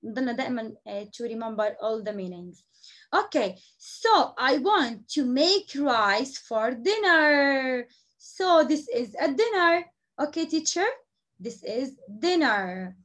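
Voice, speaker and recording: Lady teacher, high voice, slow and patient with little kids. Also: animated, fairly bright tone. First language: Arabic. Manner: repeats words slowly, switches into Arabic to explain. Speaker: English teacher. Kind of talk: classroom lesson for young children.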